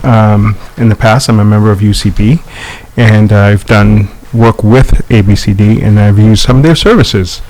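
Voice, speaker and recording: A man's voice: on the low side, a little mellow, poor audio. Hesitant male podcast host. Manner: hesitant, with uhs. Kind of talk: casual radio talk.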